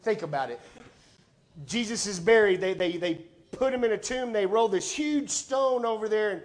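A middle-aged man preaching a sermon as a pastor, telling stories conversationally and swinging between quiet, low lines and loud, high ones. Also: expressive, moderate pace. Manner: conversational storytelling with repeated words.

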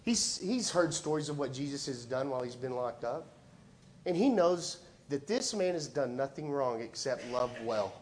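A middle-aged man preaching a sermon as a pastor, telling stories conversationally and swinging between quiet, low lines and loud, high ones. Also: expressive, normal speed, a little hiss or hum. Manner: conversational storytelling with repeated words.

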